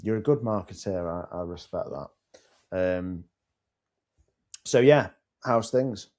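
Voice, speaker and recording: Male podcast host, lower voice, relaxed, reflective, a little hesitant. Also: slow pace. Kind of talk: casual business podcast chat.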